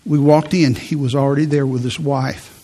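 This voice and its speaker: Husky-voiced man preaching a sermon. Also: medium pitch, fairly even intonation, normal speed, dark tone. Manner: earnest storytelling, rising to fervent scripture reading. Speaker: pastor. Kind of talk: sermon with personal stories.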